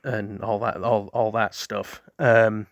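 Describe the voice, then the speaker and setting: Slow rambling man, low voice, dry. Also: level tone, no echo. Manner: rambling, many fillers and restarts. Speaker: host. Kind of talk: casual spoken history chat.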